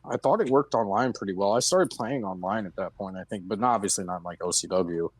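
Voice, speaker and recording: A man's voice: lowish voice, husky, no echo. A man co-hosting a casual podcast, jumping in with teasing remarks. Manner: teasing, quick interjections. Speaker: podcast co-host.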